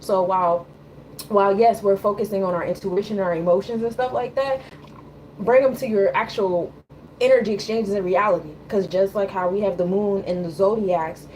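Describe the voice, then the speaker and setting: A woman's voice: mid-range voice, steady tone, moderate pace, a little mellow, slight background noise, low-quality recording. Woman giving a casual tarot reading. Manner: loose, conversational, repeats "you know what I'm saying". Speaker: tarot and astrology reader.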